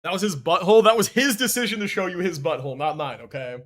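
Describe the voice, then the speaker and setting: A man's voice: high-pitched, quick pace, fairly bright tone. A man streaming a game live, chatting casually and animatedly and laughing often.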